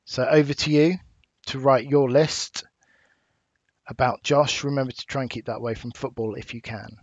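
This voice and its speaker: English guy teaching a recorded lesson, mid pitch, patient, kinda muffled dry audio. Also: fairly even intonation, moderate pace, no room sound. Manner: clear, patient explaining with fillers. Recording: dull dry home recording.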